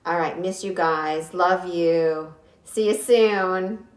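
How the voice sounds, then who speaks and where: A woman teaching an online Sunday school lesson, speaking gently and simply to young children, recorded on a home camera. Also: fairly low pitch, takes it slowly. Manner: gentle, encouraging, talks simply to young kids. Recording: roomy echo.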